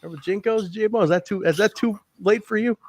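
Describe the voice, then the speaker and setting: A man co-hosting a casual wrestling review podcast, animated and joking, often laughing and swearing. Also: high voice, fast, no echo. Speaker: podcast co-host.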